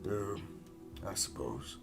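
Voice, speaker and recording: Gravelly low American man, casual. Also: animated, slow pace, over music. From United States. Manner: rambling, self-mocking, chats with viewers. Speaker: gaming streamer. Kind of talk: casual chat while playing.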